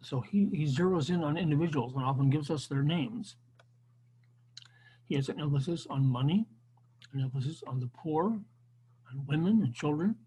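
Male Bible teacher on a video call, fairly high voice, unscripted lecture. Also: normal speed, pauses often, warm tone, breathy edge, poor audio. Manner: unscripted, with frequent restarts and fillers. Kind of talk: online Bible class lecture.

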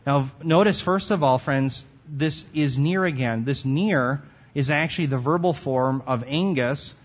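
A man's voice: medium pitch, measured pace. Guy preaching a bible study, earnest, leans on key words, kinda muffled lo-fi sound. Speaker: Bible teacher. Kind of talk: expository sermon.

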